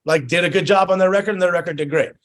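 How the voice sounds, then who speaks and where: A man's voice: sits high, racing, a bit bright. A man guesting on a podcast, chatting casually, laid-back, swearing freely and acting out the voices of people in his stories. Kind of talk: casual chat.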